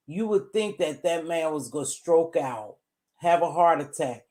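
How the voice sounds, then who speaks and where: A woman vlogger giving casual, blunt commentary, animated and repeating points for emphasis. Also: low voice, unhurried. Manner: blunt, informal.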